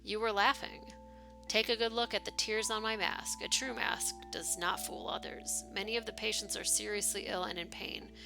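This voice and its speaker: A woman's voice: medium pitch, steady tone, normal speed, creaky, close to an everyday voice. Unsettling masked hospital nurse acted by a woman, taunting and giggly, faint music behind. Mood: mocking. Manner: mocking, laughing while claiming sorrow. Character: cheerfully sinister masked female nurse, laughs constantly.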